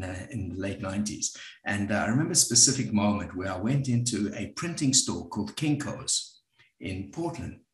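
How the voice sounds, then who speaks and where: A middle-aged man facilitating a group, telling a personal story in a reflective, halting way with many filler words. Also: fairly low pitch. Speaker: workshop facilitator. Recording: roomy echo.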